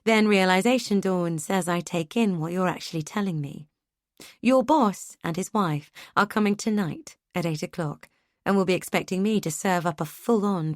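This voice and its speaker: A woman narrating an audiobook in a measured, even reading. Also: fairly low pitch, no echo, studio quality. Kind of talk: scripted narration.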